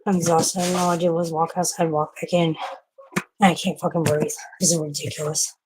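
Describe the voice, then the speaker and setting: A woman's voice: low voice, little pitch movement, brisk, background noise. A woman in her thirties chatting casually on a livestream, blunt and talkative, swearing freely. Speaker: streamer.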